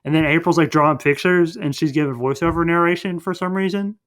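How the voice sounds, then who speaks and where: A man's voice: on the high side, quick pace, a bit bright. Rambling man recapping a movie. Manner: rambling, filler-heavy retelling. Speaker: podcast host.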